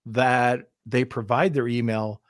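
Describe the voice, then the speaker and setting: A man's voice: medium pitch, steady tone, slow pace, no room sound. Canadian man hosting, dry sound. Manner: asks questions with hesitant restarts. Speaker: podcast host. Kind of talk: casual interview chat.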